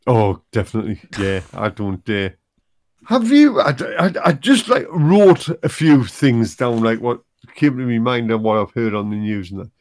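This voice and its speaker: A man's voice: mid-range voice, sing-song, normal speed, a little mellow. A man, chatting casually as a podcast co-host. He rambles, stalls and searches for words. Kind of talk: casual chat.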